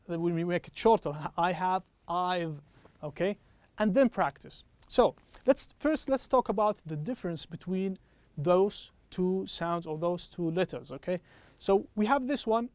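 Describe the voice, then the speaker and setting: A man teaching an English pronunciation lesson, patiently checking in with "okay?" and slowing down to model each example phrase. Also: high voice, darkish tone, dry recording. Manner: patient, repeats "okay?" after each point.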